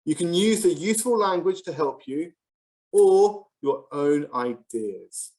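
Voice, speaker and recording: Brit teacher doing a video lesson, talks super slow n clear, voice goes up and down a lot. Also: medium pitch, animated, darkish tone. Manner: slow, clear and deliberate, modelling example phrases for learners. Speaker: English language teacher presenting a video lesson. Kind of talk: scripted instructional lesson.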